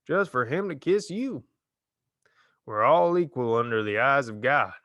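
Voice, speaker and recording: Man doing a drunk lecherous sheriff, slow drawl, raised pitch, swooping intonation, dry sound. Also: animated, a bit bright, no room sound. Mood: leering drawl. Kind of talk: audiobook character voice.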